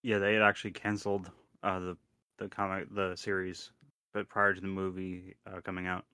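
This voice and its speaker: A man with a low voice chats on a podcast. He gropes for words and restarts often. His voice sounds dry and close, with no room around it. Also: monotone, bright, forceful tone, clean tone, dry recording. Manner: halting, many restarts and "like" fillers. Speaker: podcast co-host. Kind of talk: casual podcast chat.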